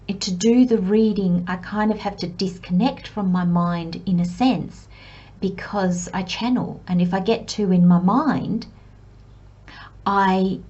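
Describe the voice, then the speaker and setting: A tarot reader doing a pick-a-card reading addresses her viewers as piles, reflective and gently encouraging, with self-deprecating asides. Her voice is mid-range, and the highs in the audio are cut off.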